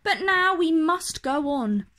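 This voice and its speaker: A woman voicing a kind male bear who leads his friends, speaking gently in a children's story. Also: very high voice, animated, slow, pitched above the performer's own voice, heavily acted.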